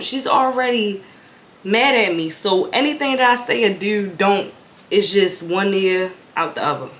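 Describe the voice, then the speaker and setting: A young woman vlogger telling a casual storytime, chatty and full of slang, building to exasperated outbursts. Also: mid-range voice. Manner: animated and conversational, with slang, rising into exasperated outbursts. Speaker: vlog host.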